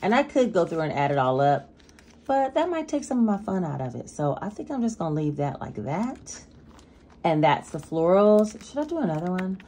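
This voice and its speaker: A woman with a gently tinged voice chats through a budgeting vlog, counting bills out loud as she goes. Her voice sits a bit low but swings up and down a lot. Faint room noise sits behind her. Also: sing-song, normal speed. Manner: chatty, counts cash aloud while talking to viewers. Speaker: budgeting vlogger. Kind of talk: casual cash-stuffing vlog.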